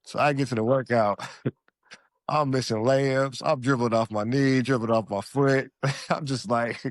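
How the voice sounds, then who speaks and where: A man from Alaska, a podcast guest, telling stories in a relaxed, slangy way and acting out his own past lines. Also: medium pitch, a little slow, no echo, clean studio sound. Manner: animated storyteller who acts out his own past lines. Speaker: podcast guest, former pro basketball player. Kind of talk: casual storytelling interview.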